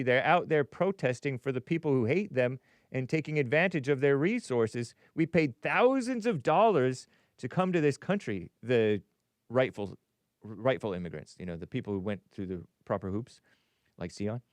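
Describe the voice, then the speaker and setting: A man's voice: mid-range voice, animated, normal speed, dry recording. A man hosting a live call-in stream, musing aloud with frequent chuckles and reading viewer comments.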